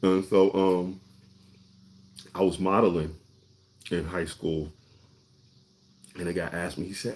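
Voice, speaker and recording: Brief: deep-voiced middle-aged male actor, casual monologue, lots of restarts. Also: steady tone, slow pace, long pauses, a little mellow. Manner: conversational, restarts and repeats words often.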